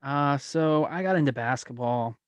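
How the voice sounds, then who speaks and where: A man's voice: mid-range voice, moderate pace, clear, resonant tone, no room sound. A young man co-hosting a sports podcast, speaking hesitantly with many fillers. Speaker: podcast co-host. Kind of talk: casual sports chat.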